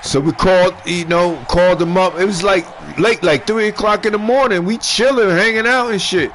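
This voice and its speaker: An older man from Brooklyn with a New York accent, chatting casually and telling animated, slang-heavy stories while he plays a video game. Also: sits high, normal speed, slight background noise. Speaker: gamer streaming online play. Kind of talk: casual chat while gaming.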